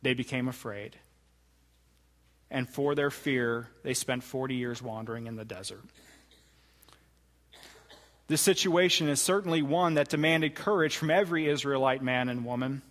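Man preaching in a reverberant hall. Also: medium pitch. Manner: deliberate, emphatic preaching with slow stressed phrases. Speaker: pastor. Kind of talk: sermon.

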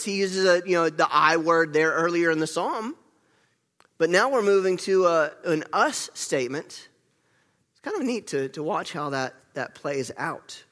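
A man's voice: sits high, big pitch swings, normal speed, a bit bright, in a large hall. A man preaching a sermon as a pastor, earnest and conversational, often restarting his sentences.

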